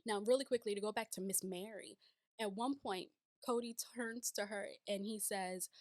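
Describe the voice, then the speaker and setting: A woman's voice: mid-range voice, steady tone, normal speed, darkish tone, no room sound. A woman giving casual, emphatic reaction commentary on a reality show, with many rhetorical questions.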